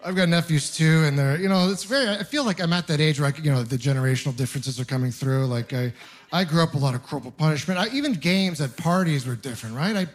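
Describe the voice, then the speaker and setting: A young man from Ontario doing a stand-up comedy set in a club, telling self-deprecating, exasperated stories with quick asides. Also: fairly high pitch, animated. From Canada (Ontario). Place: comedy club stage with audience laughter.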